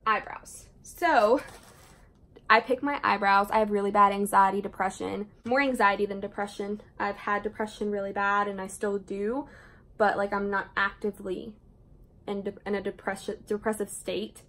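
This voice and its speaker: A woman's voice: mid-range voice, fairly even intonation, moderate pace, fairly bright tone. A young woman with a Southern US accent, chatting casually and rambling while she does her makeup at home. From Southern Indiana, USA. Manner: chatty, rambling, frequent laughs and asides. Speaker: beauty vlogger. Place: indoors at home, doing makeup.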